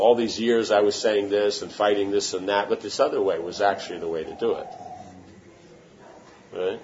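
A man's voice: lowish voice, darkish tone. A man giving an informal devotional talk, conversational and often asking if his point makes sense. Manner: conversational, often checks for understanding. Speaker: spiritual teacher. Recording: slightly muffled recording with faint room noise.

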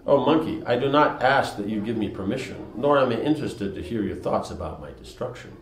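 A man voicing a proud, mighty warrior prince in a story he reads aloud, speaking in a forceful, declaiming way. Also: mid-range voice, animated, a little fast, echoey room, natural voice, rough recording. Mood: commanding.

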